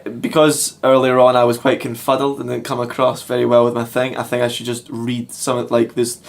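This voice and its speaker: Hesitant young man, flat voice. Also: medium pitch, fairly quick, creaky. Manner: hesitant, stumbles over names. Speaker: podcast co-host. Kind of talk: casual film chat.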